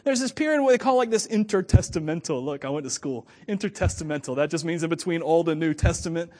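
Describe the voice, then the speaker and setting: A man's voice: fairly high pitch, big pitch swings, quick pace, a little mellow. A man, a pastor, giving a conversational sermon with joking asides.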